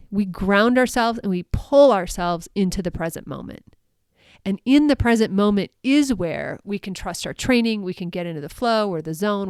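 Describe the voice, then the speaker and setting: This is solo coaching podcast talk from a woman who advises dog sport handlers, bubbly and talkative, with many fillers and frequent laughs. She speaks at medium pitch in a clear, resonant tone. The studio-quality audio has no room sound.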